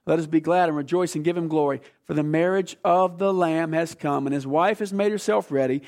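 A male preacher delivering a sermon with a gravelly edge and a slightly raised pitch. He is emphatic and asks the congregation questions. He swings from hushed stretches to loud, urgent bursts. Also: a little fast.

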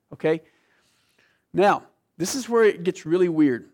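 At a measured pace, a man delivers a sermon built around a scripture story, performing the voices with animated liveliness. His delivery dips now and then into soft, dramatic low moments.

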